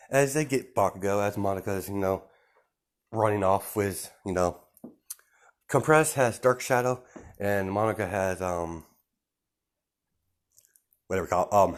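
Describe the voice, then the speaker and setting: Rambling man telling a fan story. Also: sits low. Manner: rambling, many fillers and restarts, laughs often. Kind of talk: casual improvised storytelling.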